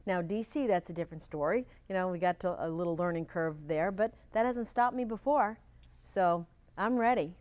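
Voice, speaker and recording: A woman's voice: fairly low pitch, darkish tone. A middle-aged woman, talking as a candidate guest in an earnest, upbeat way in a local TV studio. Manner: earnest, upbeat, spells out slowly. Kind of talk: casual interview talk.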